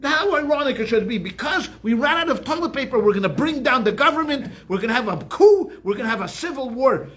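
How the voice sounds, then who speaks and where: Male rabbi with a high-pitched voice, chatty and joking as he teaches a class. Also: big pitch swings, fast talker, few pauses, a bit bright. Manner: chatty storyteller, keeps asking "okay?"; frequent restarts and repeated words. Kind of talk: weekly Torah class with jokes.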